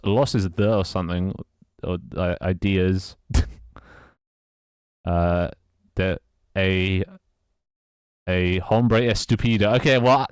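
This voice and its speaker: Man, English accent, low voice, casual stream chat, frequent laughter, swears, dead dry close mic. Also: smooth, no room sound. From England. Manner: chatty, laughs often, swears, fumbles mock French. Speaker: live streamer reading chat.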